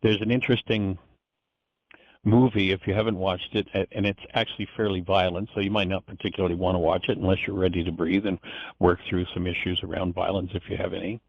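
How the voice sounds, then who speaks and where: A man's voice: low voice, level tone, fast talker, vocal fry, no echo. An older man hosting a radio show, giving a reflective spiritual talk and telling stories with frequent restarts. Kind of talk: spiritual teaching monologue. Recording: dry, dull lo-fi radio sound.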